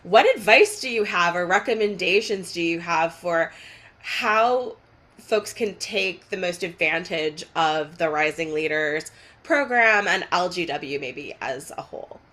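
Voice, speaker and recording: A woman's voice: lowish voice, animated, measured pace, sharp tone. A woman hosting an online info session in an upbeat, encouraging way. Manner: upbeat, encouraging, with many fillers. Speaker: session host. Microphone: video call.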